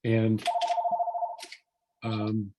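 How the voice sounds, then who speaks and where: A man's voice: on the low side, completely flat delivery, drawn-out words, muffled recording, background noise. An older man speaking at a recovery workshop, telling a story in a rambling, earnest way with many restarts and repeated words.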